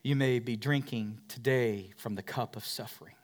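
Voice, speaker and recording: A man preaching a sermon as pastor of a church, dropping to whispers and rising to loud peaks. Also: medium pitch, moderate pace. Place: church in a converted warehouse.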